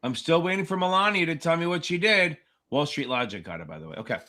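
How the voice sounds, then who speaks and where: A man's voice: a little high, lively intonation, quick pace, sharp tone. A man tutoring exam candidates on a livestream Q&A, speaking bluntly and with frequent swearing. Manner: blunt, profane, emphatic. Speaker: exam tutor hosting a live Q&A. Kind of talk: livestream Q&A chat.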